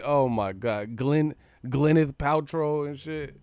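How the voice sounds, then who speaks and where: A man hosting a live stream from a multi-camera setup. His voice is smooth and clear, close and dry with no room sound. He talks in a loose, profane, joking way and laughs easily. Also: a little high, takes it slowly, a little mellow, no echo. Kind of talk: casual live-stream chat.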